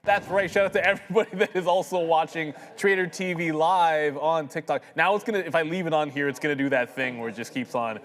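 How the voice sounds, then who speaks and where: A man's voice: fairly high pitch, quick pace, hardly any pauses, fairly bright tone. Upbeat male show host, reverberant studio. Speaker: host of the next show segment. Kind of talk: casual live show chat.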